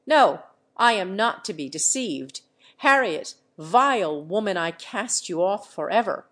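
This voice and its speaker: A woman's voice: mid-range voice, lively intonation, a little slow, a bit bright. A woman reading the part of a betrayed, bitter husband in an audiobook, raised and accusing. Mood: bitter rage.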